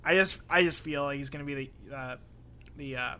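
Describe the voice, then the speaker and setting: A man's voice: fairly high pitch, fairly quick, sharp tone. A young man co-hosting a casual podcast, goofy and self-mocking with crude jokes. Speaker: podcast co-host.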